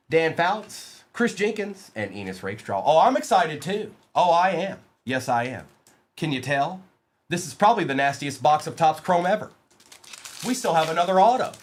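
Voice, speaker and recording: A man streaming a live trading card break, rattling off player names and bantering excitedly with viewers in chat. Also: sits high.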